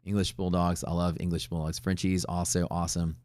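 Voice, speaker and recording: Low-voiced man rambling on a stream. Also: little pitch movement, fairly quick, a little mellow, no room sound. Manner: rambling, profane, joking asides. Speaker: livestream trading host. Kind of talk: casual chat on a live stream.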